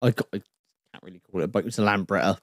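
A man chatting on a podcast, quick and sweary, hedging as he goes. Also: low voice, no echo, clean studio sound. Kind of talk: casual chat.

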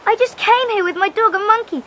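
A woman's voice: very high voice, a little fast, pushed and bright, a little hiss or hum. A woman voicing a scraggy, defiant boy of about eleven in a dramatized audiobook, sounding sulky and wary.

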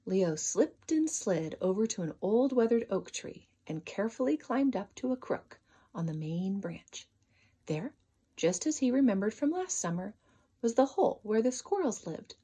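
Storyteller, female, breathy and expressive, reading children's books aloud. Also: medium pitch, moderate pace. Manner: expressive, sing-song narration.

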